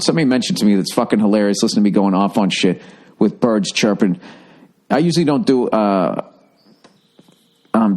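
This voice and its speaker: A man's voice: mid-range voice, darkish tone. A man, a comedian and podcast host, telling a profane, ranting story in a monologue from a room at home.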